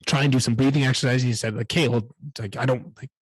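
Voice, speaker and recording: A man's voice: medium pitch, fairly even intonation, fast, husky, no echo. A man hosting a solo podcast, telling a candid personal story in a rambling way and swearing often. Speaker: podcast host.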